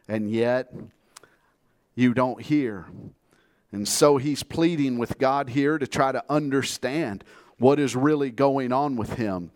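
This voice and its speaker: A man's voice: medium pitch, slow, a little mellow. A man from the United States preaching a sermon, telling a story in a plainspoken, earnest way and calling the congregation to say amen. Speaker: pastor.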